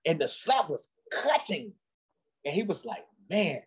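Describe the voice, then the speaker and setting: A man's voice: fairly high pitch, big pitch swings, a little slow, breathy edge. A man from Ghana, a drummer, telling stories from his childhood in a conversation and acting out the voices of the people in them. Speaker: guest drummer. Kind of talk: storytelling in a conversation.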